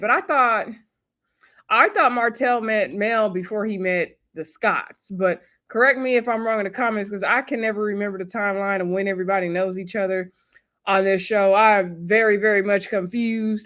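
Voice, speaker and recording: A woman talks through a reality show episode in a loose, rambling way. She acts out the cast's lines as she goes. Her pitch sits at a middling level. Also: moderate pace, fairly bright tone. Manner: chatty and rambling, acts out quotes. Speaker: reality TV recap host. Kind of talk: casual recap chat.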